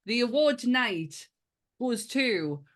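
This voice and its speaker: A woman's voice: a little high, lively intonation, slow. Playful northern English woman host. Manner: playful and chatty, laughs often. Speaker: podcast host. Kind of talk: casual podcast chat.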